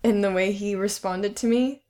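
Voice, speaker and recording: A woman's voice: mid-range voice, steady tone, a little mellow. A woman chatting casually in an interview about making a film, giggling often as she talks. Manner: giggly, chatty, quick to laugh. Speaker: filmmaker interviewee.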